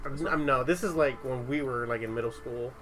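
A man's voice: mid-range voice, brisk, a bit bright, faint music behind, poor audio. A young man in casual chat, loose and laughing, swearing now and then.

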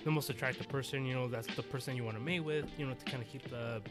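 A man thinking out loud in a casual chat, stumbling through filler words and restarts. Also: medium pitch, steady tone, over loud music. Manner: halting, full of fillers like "you know" and "like".

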